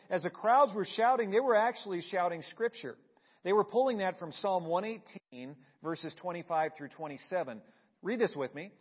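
A man preaching a sermon with a fairly high voice. He quizzes the congregation and moves between hushed, low passages and loud peaks. The church recording sounds dull and lo-fi. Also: expressive, normal speed. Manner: asks the congregation questions, swings from hushed to loud. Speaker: pastor. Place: church sanctuary.

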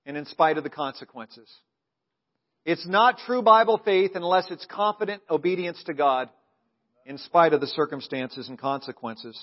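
A man preaching a sermon as pastor, emphatic, calling the congregation to answer back and dropping into quiet asides. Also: sits high, normal speed, highs cut off. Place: church sanctuary.

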